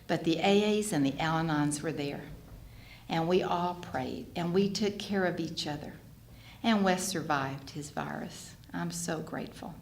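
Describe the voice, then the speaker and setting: A woman's voice: sits low, moderate pace, vocal fry. Woman in her sixties telling her story. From Texas. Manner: lively storyteller who acts out quoted dialogue. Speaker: speaker at a recovery fellowship gathering. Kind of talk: personal storytelling talk. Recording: roomy hall recording with faint background noise.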